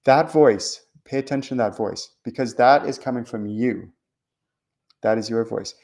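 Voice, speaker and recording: A man's voice: mid-range voice, moderate pace, darkish tone. Man, spiritual show host, rambling casual talk, lots of fillers and restarts. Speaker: spiritual channeler hosting a call-in show. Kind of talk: casual teaching monologue.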